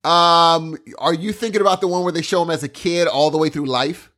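A man co-hosting a casual chat, chatty and excitable, telling stories. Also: a little high, fairly quick.

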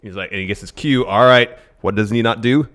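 A man's voice: fairly low pitch, brisk, fairly bright tone. A man co-hosting a casual wrestling podcast, musing aloud and rambling with restarts. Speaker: podcast co-host.

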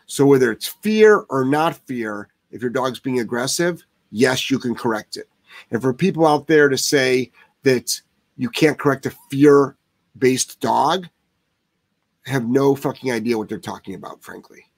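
A man's voice: mid-range voice, animated, measured pace, vocal fry. A man who trains dogs, answering viewer questions live in a blunt, profane way that heats up into rants. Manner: blunt, swears often, heated rants.

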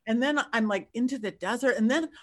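A woman with a fairly high voice tells her stories with lots of animation. She acts out the quotes with big jumps in pitch. She is a psychic guest in a casual chat. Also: a little fast.

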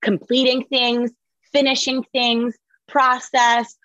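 A woman author and entrepreneur, speaking as an interview guest in an energetic, emphatic, motivational way. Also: a little high, slow pace, no room sound, lo-fi sound. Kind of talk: conversational interview.

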